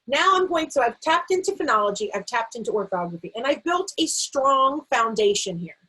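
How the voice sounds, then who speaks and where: A woman teaching a vocabulary lesson to camera, saying the word slowly and sounding out its syllables. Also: fairly high pitch, very animated, pushed and bright, slightly rough, low-quality recording. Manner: slow, stretched-out word repetition. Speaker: literacy teacher.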